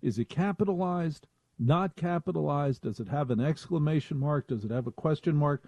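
A man hosting a radio talk show, rambling and self-mocking, with animated asides, in a studio. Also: on the high side, normal speed, no echo.

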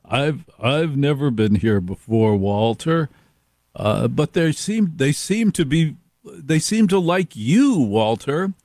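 A man impersonating a slow, smooth-talking fixer. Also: fairly high pitch, no echo, studio quality. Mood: smooth, flattering. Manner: slow, deliberate, flattering. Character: smooth-talking middle-aged male fixer, ingratiating.

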